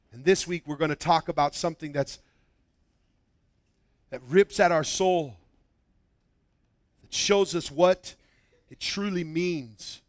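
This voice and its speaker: Male pastor, high voice, emphatic sermon delivery with dynamic swings, dry recording. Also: no echo. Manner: emphatic preaching, swings from loud to hushed.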